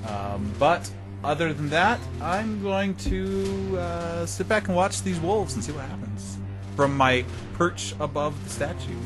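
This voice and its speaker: A man's voice: on the high side, expressive, unhurried, music in the background. A man playing in a tabletop game, reasoning things out with a few hesitant restarts. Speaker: player. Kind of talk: tabletop role-play chat.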